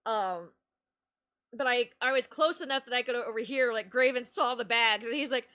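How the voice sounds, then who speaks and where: A woman streamer telling a story in casual chat, animated and laughing often, with sudden excited shouts. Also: fairly high pitch, moderate pace.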